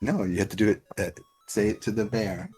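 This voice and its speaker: A woman's voice: extremely low pitch, brisk, dark tone, breathy edge. A woman streaming a game, chatting casually, teasing and coaxing her companion and often breaking into laughter. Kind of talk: casual live-stream chat while playing.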